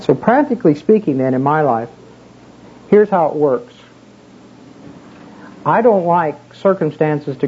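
A man's voice: a little high, breathy edge. A man preaching a casual sermon, telling a personal story in a folksy, conversational way with many fillers. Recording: muffled with faint background hiss.

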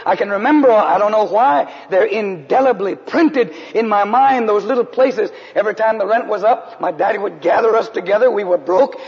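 A man preaching a personal testimony in a sermon, moving from loud, raised lines to hushed, quiet ones. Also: high-pitched, vocal fry, husky. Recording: dull lo-fi recording with long hall reverb.

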